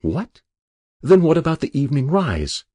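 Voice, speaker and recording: Man reading as a posh old-school angler, loud exclamations, voice jumping all over, bit husky. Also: mid-range voice, measured pace, no room sound, clean studio sound, full character voice. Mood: exasperated. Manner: exclamatory, upper-class, animated. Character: hearty English gentleman angler, growing exasperated.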